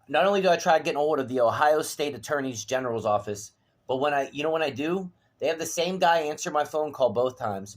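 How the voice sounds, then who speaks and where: A man ranting to the camera, profane and heated, veering from low mutters to shouts. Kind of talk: angry personal rant to camera.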